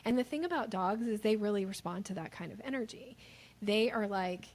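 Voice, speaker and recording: A woman sales trainer talking as a podcast guest, explaining her ideas in a conversational, animated way and acting out little examples. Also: mid-range voice, normal speed. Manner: animated, acts out examples in lively voices.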